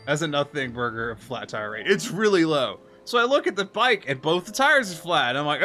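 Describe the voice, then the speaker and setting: A man rants through a story on a stream, swearing freely. His voice is bright and lively, rising and falling a lot. Faint music plays behind him. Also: a little high, a little fast, few pauses. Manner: profane, animated ranting. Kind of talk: casual ranting story.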